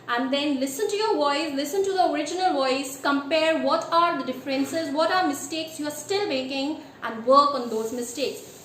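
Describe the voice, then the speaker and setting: A woman teaching English pronunciation in a deliberate, emphatic way, checking in with her listeners with a rhetorical "yes?". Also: high-pitched, a bit bright. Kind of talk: instructional lesson. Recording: echoey room with faint ambient noise.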